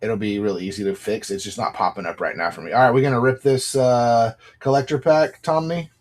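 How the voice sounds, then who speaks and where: A man's voice: mid-range voice, fairly even intonation, brisk, a little mellow. A man hosting a live card sale, chatting casually, apologizing and talking through pack openings in an upbeat way. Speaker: livestream card seller. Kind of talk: casual live-selling chat.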